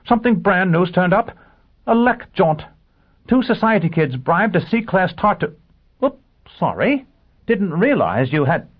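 Shrill, breathless young male assistant voiced by a man; tinny phone-like sound. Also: big pitch swings, measured pace, husky, heavily acted. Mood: excited. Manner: breathless, shouting.

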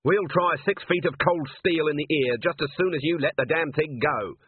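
A man's voice: fairly high pitch, normal speed, breathy edge, no echo, voice pushed up. A man as a weary watch commander. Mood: commanding. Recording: tinny phone-like sound.

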